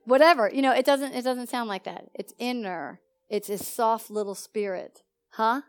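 A woman pastor teaching a sermon to her congregation in an animated, conversational way, often putting questions to the listeners. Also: fairly high pitch, normal speed, smooth. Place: church service.

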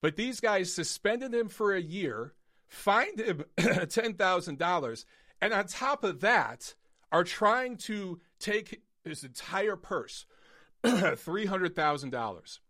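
A man's voice: high voice, lively intonation, slow pace, sharp tone, no room sound, clean studio sound. Blunt ranting man, boxing show host. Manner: blunt, emphatic, profane ranting. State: losing his voice. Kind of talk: live-streamed boxing commentary rant. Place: padded soundproofed home studio.

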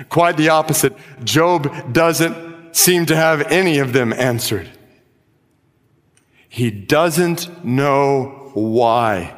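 Male pastor preaching slow n emphatic, bit high voice, big church reverb, soft music under. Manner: slow, emphatic preaching with dramatic scripture reading. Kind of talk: sermon. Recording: music behind, long hall reverb.

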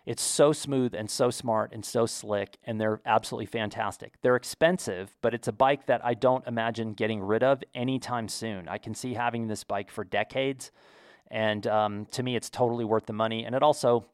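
A man's voice: medium pitch, fairly even intonation, normal speed, no echo, clean studio sound. An American man telling an enthusiastic, chatty story to his viewers in a casual vlog. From United States. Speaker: vlogger. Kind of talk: casual talk to camera.

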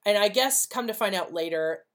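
A woman's voice: mid-range voice, lively intonation, normal speed. A woman co-hosting a podcast, telling a personal story in a blunt, profane, casual way and acting out the dialogue. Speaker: podcast co-host.

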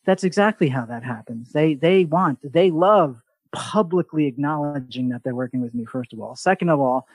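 A man's voice: on the high side, moderate pace, breathy edge, no room sound. New man telling stories, dry sound. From New York. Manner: animated, mimics other voices in quotes, swears casually. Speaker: podcast host. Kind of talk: casual storytelling chat.

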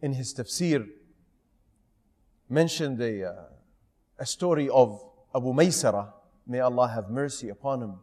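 A man's voice: mid-range voice, a little slow, pauses often, darkish tone. A man preaching a sermon, telling stories with earnest feeling and speaking directly to his listeners. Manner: earnest storytelling, addresses the audience directly. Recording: long hall reverb.

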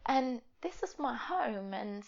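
A young woman, speaking candidly and haltingly in a personal interview, sometimes dropping to a near whisper. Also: on the high side, expressive, vocal fry, darkish tone, muffled recording. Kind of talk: personal testimony.

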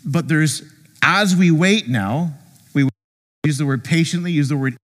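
A man preaching a sermon as pastor, conversational and animated, joking with the congregation and acting out quotes. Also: on the high side, unhurried, in a large hall. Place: church sanctuary.

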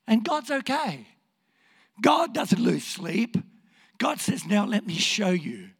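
Hoarse, impassioned male preacher in a hall. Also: sits high, big pitch swings, slow pace. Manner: impassioned, swings from hushed to shouting. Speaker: pastor. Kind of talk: sermon.

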